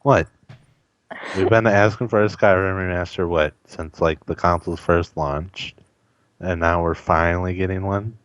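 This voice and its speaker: Grumpy guy on a gaming podcast, real low voice, swears, kinda muffled mic. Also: steady tone, moderate pace, no room sound. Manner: blunt, grumpy, curses. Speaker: podcast panelist. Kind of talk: casual gaming podcast chat.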